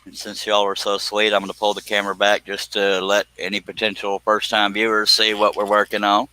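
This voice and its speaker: A man hosts a casual woodworking live stream, joking and wandering off topic as he works. His voice sits low but sounds sharp and bright. The sound is close and dry, with no room around it. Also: completely flat delivery, fairly quick, clean tone, no room sound, rough recording. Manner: joking, rambling, slips into put-on voices. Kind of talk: casual live-stream chat while scroll sawing.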